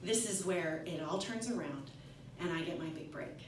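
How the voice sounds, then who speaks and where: A woman's voice: on the low side, moderate pace, a little hiss or hum. A woman in her forties telling a personal story on stage, candid and self-mocking with nervous laughs. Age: 40s. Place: live storytelling event venue. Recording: echoey room, voice from far off.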